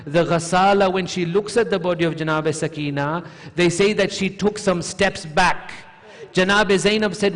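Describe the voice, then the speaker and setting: A man giving an emotional mourning sermon, reciting a story slowly and rising into high, pleading speech when quoting. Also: a bit bright. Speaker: sheikh giving a majlis lecture. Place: large mosque hall. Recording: long hall reverb.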